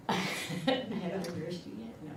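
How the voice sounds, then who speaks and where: A woman's voice: on the low side, moderate pace. An older woman from southern Illinois, with a rural southern Illinois accent, giving a chatty, self-deprecating acceptance speech at a podium mic. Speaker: award recipient. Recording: echoey room from far off, background noise.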